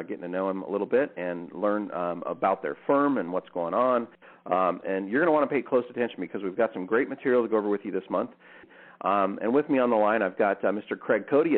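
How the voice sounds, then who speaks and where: Excited host guy, lots of ums, lowish voice, sounds like a tinny phone line. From US Northwest. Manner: upbeat, filler-heavy, stumbling restarts. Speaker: podcast host. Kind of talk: casual interview.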